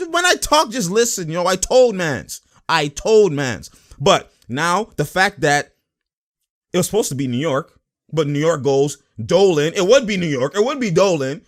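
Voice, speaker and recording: Man vlogger, fired-up sports rant, high voice that swings wildly, lots of "man" and "yo". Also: a bit bright. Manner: heated, emphatic, rhetorical questions, slangy. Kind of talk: casual basketball rant to camera.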